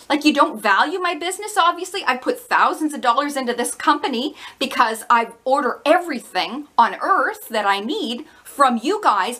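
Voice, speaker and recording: A woman vents straight to camera in a bright, forceful voice, pitched a little high. She sounds exasperated and indignant, her sentences studded with "like" and rhetorical questions. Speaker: vlogger.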